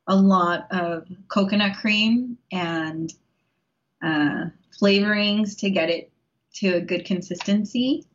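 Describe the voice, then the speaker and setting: Relaxed woman guest, dull lo-fi sound. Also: mid-range voice. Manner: relaxed, laughs often, many fillers. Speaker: interview guest, home vegan cook. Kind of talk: casual interview chat.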